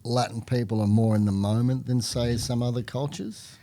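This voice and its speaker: A man hosting a podcast in a casual, conversational way. His voice sits at an ordinary middle pitch. He asks questions easily and adds short sounds of agreement while his guest talks. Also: steady tone, moderate pace, mellow. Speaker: podcast host.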